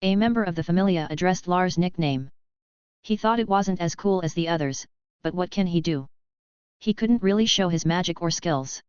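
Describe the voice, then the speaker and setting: A woman narrating a novel in a steady, even reading style. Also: lowish voice, moderate pace, clean tone, no room sound. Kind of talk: scripted audiobook narration. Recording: dull dry lo-fi recording.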